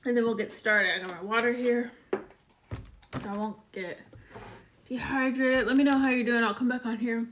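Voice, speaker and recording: A woman's voice: a little high, fairly even intonation, moderate pace, long pauses, a bit bright, a little hiss or hum. Chatty woman hosting a live stream. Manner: chatty, greets viewers by name. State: out of breath. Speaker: waxing show host. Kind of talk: casual live-stream chat.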